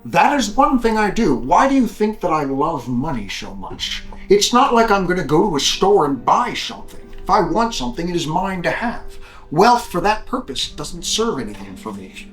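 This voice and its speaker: A man's voice: high voice, big pitch swings, moderate pace, fairly bright tone. A man voicing Hades, the male god of the dead, with a put-on Scottish-style drawl, amused and grand, in an echoey room with faint music. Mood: lordly.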